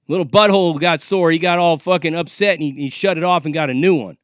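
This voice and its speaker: A man's voice: fairly high pitch, fast talker, smooth, dry recording, clean studio sound. A man in his forties, from California, ranting to the camera in a confrontational, profane and taunting way. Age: 40s. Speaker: vlogger.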